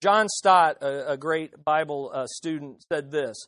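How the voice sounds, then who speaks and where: A woman's voice: low voice, unhurried, no echo, clean studio sound. A woman preaching a sermon, putting rhetorical questions to the audience with emphasis.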